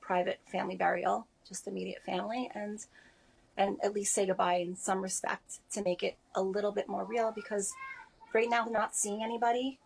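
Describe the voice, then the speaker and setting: A grieving woman in her forties giving a remote interview over a video call, speaking softly and haltingly with many pauses. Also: medium pitch, little pitch movement, gravelly, slightly rough. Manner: halting, soft-spoken, many pauses and fillers. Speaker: interview guest.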